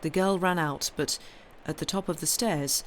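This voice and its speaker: A woman reading a classic novel aloud on a live stream, in a steady, measured storytelling voice with the odd small restart. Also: lowish voice, a little hiss or hum. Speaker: reader. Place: home streaming setup.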